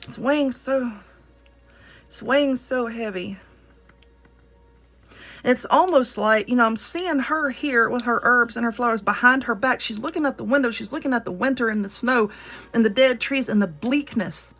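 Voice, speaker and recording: A woman's voice: on the high side, normal speed, a bit bright, faint music behind. Earnest Southern woman reading cards. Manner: earnest, direct, addresses viewer as you. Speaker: tarot reader. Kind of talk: casual spoken card reading.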